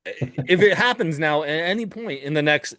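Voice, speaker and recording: A man's voice: a little high, lively intonation, pushed and bright, no room sound, studio quality. A man who is a student pastor, co-hosting a podcast in playful casual chat and laughing often. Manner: playful, laughs often, quick bursts of talk.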